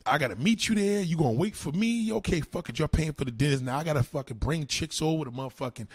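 A man with a fairly high, animated voice and a breathy edge talks fast, recorded dry. Hosting a livestream, he rants combatively at the comments, cursing heavily, using slang, and firing off repeated retorts.

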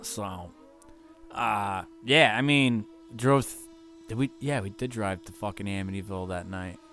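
A man's voice: fairly low pitch, a little slow, fairly bright tone, soft background music. Rambling, foul-mouthed touring musician guy. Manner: loose, profane, rambling with constant fillers. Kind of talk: rambling casual tour recap.

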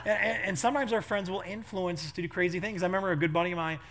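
A middle-aged pastor speaking at a quick clip in a slightly high voice. He tells his stories with lively energy, laughing often and acting out the lines of the people in them. Casual and conversational. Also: creaky. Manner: animated, laughing, acts out quotes. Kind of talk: storytelling sermon.

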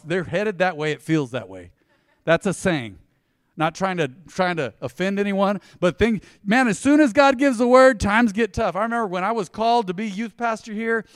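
High-voiced man preaching a sermon. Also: dry recording, clean studio sound. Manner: emphatic, conversational preaching, swinging between loud and hushed. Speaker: pastor.

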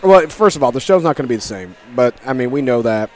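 A man hosting a casual radio podcast, talking with enthusiasm and warm affection for his co-hosts. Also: mid-range voice, animated, quick pace. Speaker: podcast host.

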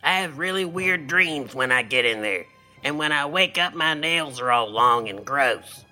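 A man voicing a cocky, boastful male spaceship captain who gloats and shouts, then pouts when he is ordered to bed. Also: fairly high pitch, lively intonation, measured pace, faint music behind, exaggerated voice. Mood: pouting.

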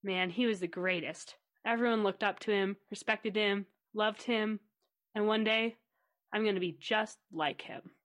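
A woman's voice: mid-range voice, steady tone, unhurried, fairly bright tone, close to an everyday voice. A woman voicing an eager young male penguin who idolizes a surfing legend. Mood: starstruck. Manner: eager, starstruck. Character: excited young male penguin surfer fan.

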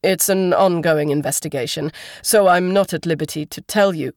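A woman voicing a polite, formal male police constable who speaks in measured official phrases. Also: lowish voice, no room sound, studio quality, close to an everyday voice.

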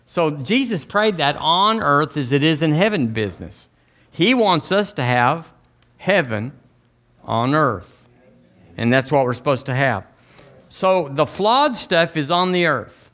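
A man preaching a sermon as pastor, folksy and emphatic, climbing higher on key lines. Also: big pitch swings, measured pace, fairly bright tone. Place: church sanctuary.

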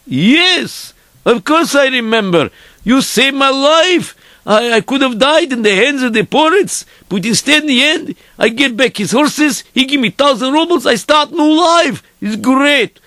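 A weary, good-hearted peasant horseman spins his tale in broken English, as a man acts him out. The voice sits high and swings widely, full of drama. It sounds close and dry. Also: lively intonation, a little slow, sharp tone, no echo, heavily acted. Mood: grateful. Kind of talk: theatrical storytelling.

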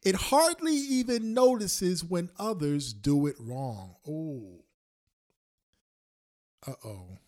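A male pastor preaching a sermon on a prayer call, repeating lines slowly for emphasis and swinging between loud and soft. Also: fairly high pitch, animated. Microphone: phone call.

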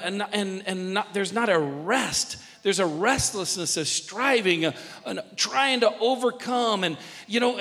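A male pastor delivers a sermon in a high, bright voice. He repeats phrases and builds toward emphatic shouts. The sound carries the long reverb of a large hall.

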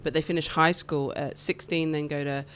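A woman's voice: low-pitched, fairly even intonation, normal speed, a bit bright, clear, resonant tone. Chatty British woman in her thirties. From United Kingdom. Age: 30s. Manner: chatty and candid, laughs easily. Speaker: podcast guest. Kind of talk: casual interview chat. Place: radio studio.

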